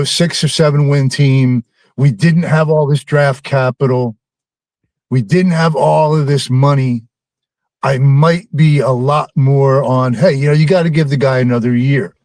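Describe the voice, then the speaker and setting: A man's voice: medium pitch, darkish tone, no room sound. Rambling, teasing male caller. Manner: rambling, teasing, many ums. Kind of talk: phone-in chat with a host.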